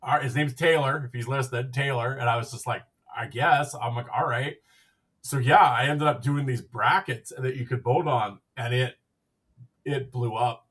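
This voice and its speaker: Man, podcast host, husky voice, casual rambling storytelling, acts out dialogue, a bit far from the mic. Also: mid-range voice, normal speed, a bit bright.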